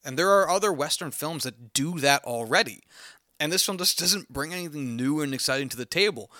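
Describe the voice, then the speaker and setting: A man reviews a film in a casual rant, cursing freely and stumbling over fillers. His voice is very bright and cutting, pitched a little high, recorded dry and close with no room sound. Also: no echo. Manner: exasperated, profane ranting with many fillers. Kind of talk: casual spoken movie review.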